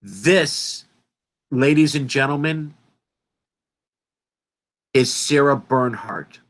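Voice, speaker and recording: Man, informal online lecture, slow delivery, rambling, emphatic, self-interrupting. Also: mid-range voice. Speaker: presenter.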